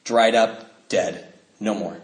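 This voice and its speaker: A man's voice: lowish voice, slow. A middle-aged man from the northwestern United States gives a personal recovery talk at a convention, acting out conversations in different voices as he tells his stories. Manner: lively storyteller who acts out conversations in a range of voices. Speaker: recovery meeting speaker. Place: convention hall. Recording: roomy hall with faint noise.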